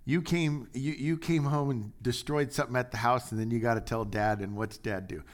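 A middle-aged male pastor preaching a conversational sermon, dropping to hushed asides and rising to loud, emphatic readings. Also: medium pitch, brisk.

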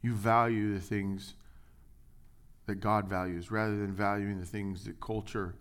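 A man preaching a sermon, reading scripture and acting out quotes, shifting between loud, raised lines and quiet asides. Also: lowish voice, level tone, a little slow, clean tone. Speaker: pastor.

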